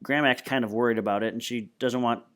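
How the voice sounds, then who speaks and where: A man reading a novel aloud at a steady, plain pace. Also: mid-range voice, quick pace. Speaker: reader.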